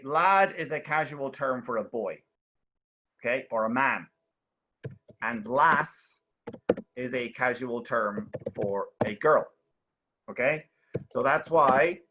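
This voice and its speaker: A man's voice: mid-range voice, background noise. A young man teaching an online English class in a chatty way, explaining with lots of examples and checking in with "okay?" and "right?".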